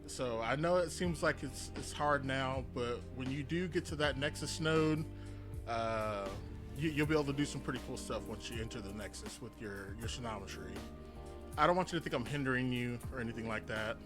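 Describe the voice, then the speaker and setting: Rambling game master over music. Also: male voice, medium pitch, a little fast. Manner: rambling, lots of uh fillers and restarts. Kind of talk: narrating a tabletop game.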